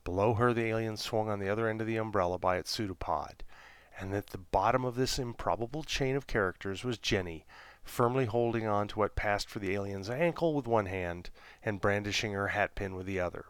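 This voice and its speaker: Brief: male storybook narrator, gentle pacing, deep-ish voice, dry close mic. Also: a little fast, smooth, dry recording. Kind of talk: storybook reading.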